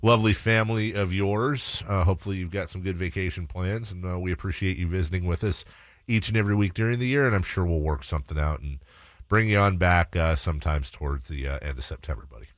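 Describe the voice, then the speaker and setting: A low-pitched man hosts a sports radio show in a relaxed, teasing way. His voice sits deep and sounds close and dry, with no room around it. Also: quick pace, no echo. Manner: easygoing, teasing banter with a guest. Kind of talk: casual sports radio chat.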